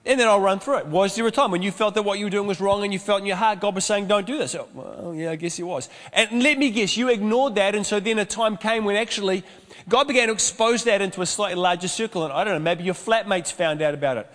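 A man preaches a sermon, his voice sitting high for a man. He tells stories with humorous asides, and a long hall reverb trails his words. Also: fast talker, a bit bright. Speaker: pastor.

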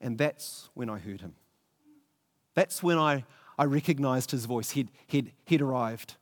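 A man giving a vivid first-person dramatic retelling, halting at times with stammered repeats. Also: medium pitch, expressive. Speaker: storyteller. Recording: long echoey reverb.

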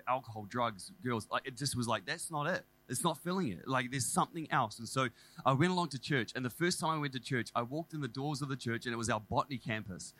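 A man, preaching and telling his own conversion story in a casual, animated, self-deprecating way. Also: medium pitch. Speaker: preacher sharing testimony. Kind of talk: sermon testimony. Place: church service.

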